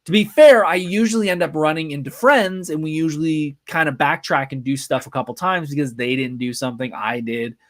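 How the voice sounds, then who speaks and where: A man's voice: fairly high pitch, fairly quick, hardly any pauses, no room sound, studio quality. A man hosting a live podcast, telling a rambling, chatty story with lots of fillers. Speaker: podcast host. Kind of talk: casual live podcast monologue. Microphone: podcast mic.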